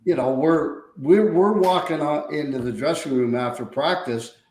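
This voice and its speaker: A man's voice: a little high, normal speed. Man telling stories in an echoey room. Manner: relaxed anecdote telling. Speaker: co-host, former player. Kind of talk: casual podcast chat.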